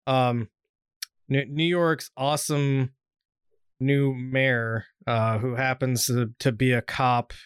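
A man hosts a podcast at a middle pitch, talking in a laid-back way. He drifts through fillers and restarts and laughs easily. The sound is dry and close, with no room around it. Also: fairly even intonation, takes it slowly, smooth, no room sound. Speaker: podcast host. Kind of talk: casual podcast chat.

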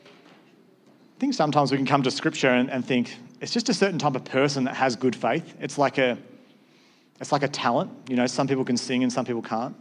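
Speaking at a fairly quick clip with a medium-pitched voice, a male pastor with school-age children delivers a chatty sermon, playing out brief exchanges.

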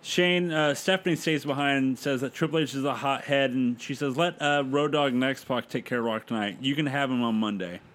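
A man's voice: medium pitch, steady tone, fairly quick, few pauses, fairly bright tone. A man casually recapping events play by play on a podcast, laughing along with his co-host.

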